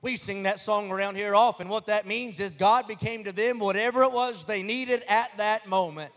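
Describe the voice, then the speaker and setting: A man's voice: high-pitched, moderate pace, a bit bright. A man preaching a sermon as pastor, telling stories with dramatic flair and acting out the crowds. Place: church sanctuary. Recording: long hall reverb.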